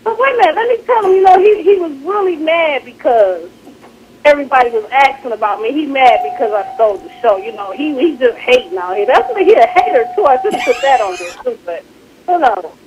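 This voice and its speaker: A woman's voice: high-pitched, very animated, fairly quick, darkish tone, a little hiss or hum, rough recording. A woman calling in to a talk show, speaking in a feisty, sassy way and talking over others. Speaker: caller. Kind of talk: casual call-in chat.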